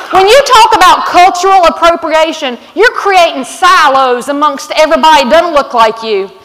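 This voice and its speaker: Outspoken Southern woman keynote speaker, high-pitched, with long stage reverb. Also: fairly bright tone. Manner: blunt, outspoken, folksy. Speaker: conference speaker. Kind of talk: fiery motivational keynote. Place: large conference hall.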